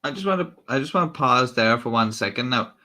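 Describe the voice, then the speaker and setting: A man's voice: medium pitch, lively intonation, fairly quick, heavy background noise. A man giving casual, rambling live-stream commentary on police footage, with wry asides and frequent restarts. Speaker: streamer reacting to police clips.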